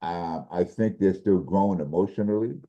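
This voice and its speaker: Deep dark-voiced man on a lo-fi podcast. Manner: measured, explains with repeated restarts. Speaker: podcast co-host, football analyst. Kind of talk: casual sports chat. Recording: dull lo-fi audio.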